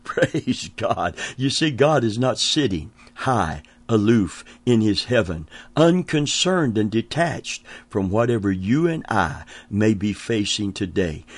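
Slow, emphatic older male preacher. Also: lowish voice, sing-song, no room sound. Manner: slow, emphatic, repeats key phrases, chuckles often. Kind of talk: sermon teaching.

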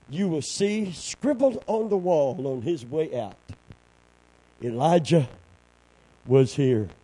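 A man's voice: a little high, warm tone, low-quality recording. A man preaching a sermon, fervent and full of call-and-response to his congregation.

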